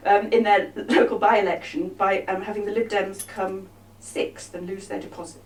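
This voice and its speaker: A woman's voice: mid-range voice, fairly even intonation, normal speed. A woman performing a live comic show, chatting with the audience in a wry, teasing way, on an arts venue stage, recorded from far off in an echoey hall.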